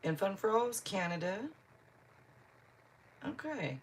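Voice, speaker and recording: A woman's voice: medium pitch, sing-song, slow, a little hiss or hum. A woman from Seattle, a tarot reader on a live stream, chatting casually and answering viewers' comments one by one. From Seattle, Washington. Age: adult.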